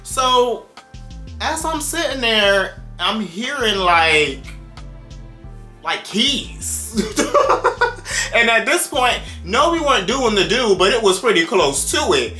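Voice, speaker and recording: A young man spins a wild story for his viewers. His voice sounds bright and forceful. It leaps up and down with lots of animation, and faint music plays in the background. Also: sits high, slow pace. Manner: animated, exclaiming, addresses viewers directly. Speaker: storytime vlogger.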